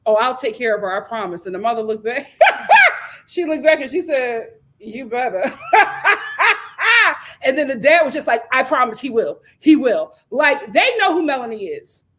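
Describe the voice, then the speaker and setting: A woman hosting a casual show recap, retelling scenes with lively quoted voices. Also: fairly high pitch, a little fast. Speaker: host.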